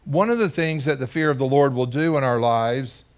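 A male pastor preaching in a church, voice sitting at an ordinary middle pitch. He tells his story in a relaxed, conversational way and keeps turning to the congregation with questions. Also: normal speed. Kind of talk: storytelling sermon. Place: church sanctuary.

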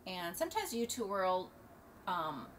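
A middle-aged woman vlogging casually, rambling and halting with many fillers and restarts. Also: lowish voice, sing-song, fairly bright tone, a little hiss or hum. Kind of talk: casual opinion vlog. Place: at home near the beach.

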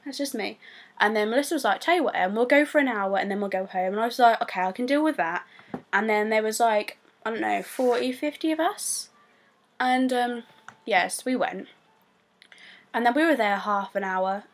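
A young woman with a British accent, telling a story to camera in a rambling, excitable way full of fillers. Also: mid-range voice, vocal fry. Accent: British English. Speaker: vlogger.

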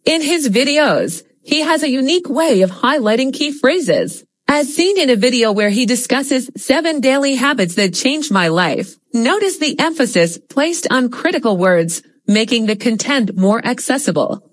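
A woman narrates a scripted English lesson, laying out each point in a steady explanatory way. Her voice sits high and moves with a lively, wide pitch swing, and the sound is dry and close. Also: moderate pace, hardly any pauses, dry recording. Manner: steady explanatory delivery with spoken example phrases. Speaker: English teacher.

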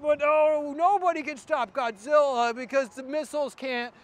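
High pitched woman spinning a goofy story, lively and playful. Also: moderate pace. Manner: animated, playful, acts out voices. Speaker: comedy performer. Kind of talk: comic storytelling.

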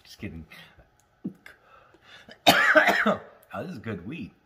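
A man hosting a casual cannabis talk, high and rambling, swearing freely, joking and coughing between lines. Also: big pitch swings, slow pace, pushed and bright. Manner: rambling, profane, jokey, with laughs and smoker's coughs. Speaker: cannabis review host. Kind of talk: casual stoned monologue.

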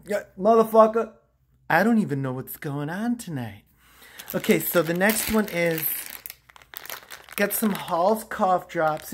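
A man hosting an improvised comedy cooking skit as a homeless cook, rambling, interrupting himself and swearing. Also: high voice. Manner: rambling, self-interrupting, profane.

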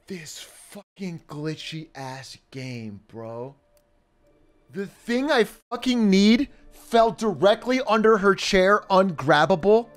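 A man's voice: high-pitched, very animated, slow, soft background music. A young man livestreaming a video game speedrun, talking casually, laughing often, swearing, and bursting out in frustration. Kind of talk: live gameplay commentary.

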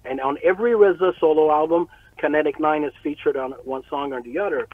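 A man guest telling a story in a casual interview, excitable, swearing and acting out quotes. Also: on the high side, a little fast, dry recording. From Canada. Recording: tinny phone-like line.

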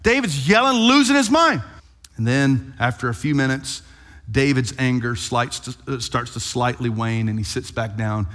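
A male pastor preaching an animated sermon and retelling scripture playfully. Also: mid-range voice, normal speed. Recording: long hall reverb.

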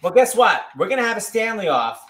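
A man hosting a casual livestream chat over a video call. His voice sits high and swings widely in pitch. He talks in a playful, teasing way and often jokes with his guests. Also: very animated, background noise. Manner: playful, teasing, quick to joke. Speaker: host.

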